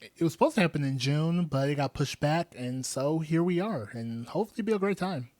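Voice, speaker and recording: A man's voice: fairly high pitch, animated, brisk, darkish tone, dry recording. A man co-hosting a podcast in casual chat, laid-back and teasing, with plenty of fillers. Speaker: podcast co-host.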